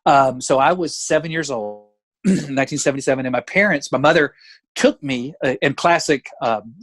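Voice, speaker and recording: A man's voice: mid-range voice, moderate pace, poor audio. A man, a comedian telling stories as a podcast guest over a video call and acting out the voices in them. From Alabama, USA. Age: 40s. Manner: animated storyteller who acts out voices. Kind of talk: casual storytelling chat. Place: home room with closet door. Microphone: video call with camera and ring light.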